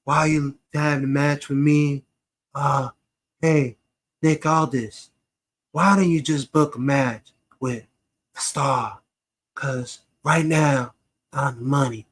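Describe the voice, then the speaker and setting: A man doing an impression of a cocky male wrestler, talking in a slow, drawn-out, lazy way. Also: medium pitch, fairly even intonation, pitched below the performer's own voice. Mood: lazy drawl.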